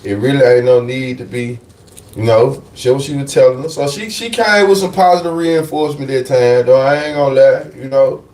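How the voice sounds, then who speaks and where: A man telling a personal story casually on a live stream, animated and profane, repeating phrases for emphasis. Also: mid-range voice, normal speed, reverberant, distant mic.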